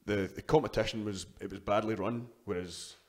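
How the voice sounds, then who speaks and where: A young Scottish man speaks in a fairly low voice as a guest in a relaxed chat. He tells his stories in a loose, rambling way, swearing often and circling back to restart sentences. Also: brisk. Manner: swears freely, storytelling with frequent restarts. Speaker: guest, powerlifter. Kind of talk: casual podcast interview.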